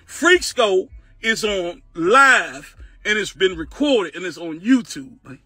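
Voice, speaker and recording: Man, high voice, bright sharp tone, heated profane livestream rant, dry close sound. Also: big pitch swings, a little slow, husky, dry recording. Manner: heated, repetitive, confrontational, profane. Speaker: livestream host.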